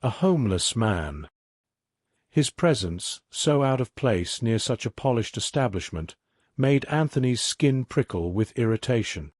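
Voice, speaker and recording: Guy reading a drama story, mid voice, steady pace, super dry close mic. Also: medium pitch, measured pace, dry recording. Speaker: narrator. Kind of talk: scripted story narration.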